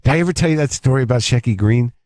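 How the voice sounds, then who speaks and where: A man, a comedian and podcast host, telling an animated, rambling story as a guest on a talk radio show, often cutting himself off mid-sentence. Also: medium pitch, racing, dry recording. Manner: rambling, animated, self-interrupting.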